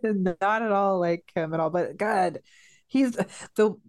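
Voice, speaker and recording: A woman guest on a film podcast chats with warm enthusiasm and casual swearing, laughing often between thoughts. Her voice sits in a middle register and sounds close and dry, with no room around it. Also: medium pitch, takes it slowly, no room sound.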